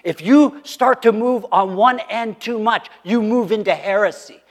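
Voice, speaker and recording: A man preaching a sermon, swinging between loud emphatic lines and hushed asides. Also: sits high, measured pace. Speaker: pastor. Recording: long hall reverb.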